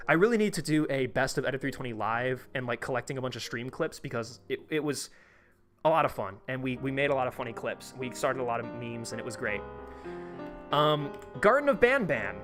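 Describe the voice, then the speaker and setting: A male live streamer talks loosely to his chat, full of restarts and filler words, at an ordinary middle pitch. Soft music plays faintly underneath his voice. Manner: rambling, chatty, many fillers and restarts.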